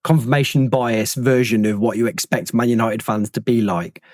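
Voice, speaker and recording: A man's voice: medium pitch, fairly even intonation, moderate pace, darkish tone, dry recording, clean studio sound. A man hosting a football podcast, chatting casually with many fillers and restarts. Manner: rambling, full of fillers and restarts. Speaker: podcast host. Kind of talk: casual chat.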